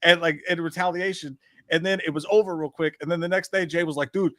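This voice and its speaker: A man co-hosting a casual chat, telling stories in a lively, excitable way and laughing often. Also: on the high side, fast, no room sound. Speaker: podcast co-host.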